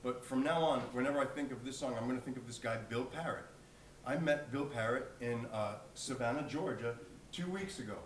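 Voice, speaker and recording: A singer-songwriter telling a rambling story between songs at a live gig, relaxed with plenty of ums and uhs. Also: male voice, mid-range voice, brisk, a little hiss or hum. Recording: echoey live room, mic from a distance. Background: guitar playing.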